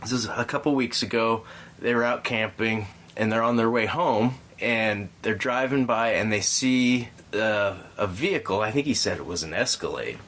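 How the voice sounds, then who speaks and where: A man hosting a podcast, telling a story in a relaxed, rambling way with frequent restarts. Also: fairly low pitch, moderate pace. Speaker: podcast host. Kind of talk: casual storytelling chat.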